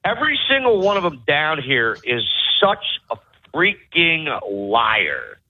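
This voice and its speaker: This man's voice is a little high, with wildly swooping pitch and a slow pace. Calling in on tinny, phone-like audio, he gives his podcast co-hosts an angry, profane ranting review of the resort he's vacationing at.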